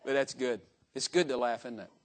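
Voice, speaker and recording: A man's voice: medium pitch, brisk. An older man preaching a sermon in a folksy, joking way, acting out little dialogues in different voices. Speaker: pastor.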